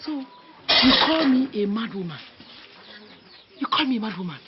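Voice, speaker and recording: A shrill, hot-tempered neighbour. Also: female voice, very animated, moderate pace, a little hiss or hum. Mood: scolding. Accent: Nigerian. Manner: shouting accusations, mocking and threatening. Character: quarrelsome, accusing woman neighbour, hot-tempered. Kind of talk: film drama acting. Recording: dull lo-fi film sound with music.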